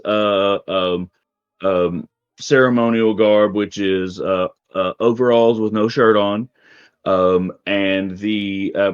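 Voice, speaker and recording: A man's voice: lowish voice, smooth, dry recording, lo-fi sound. A man narrating as game master of a tabletop game in a casual, rambling way, with many ums.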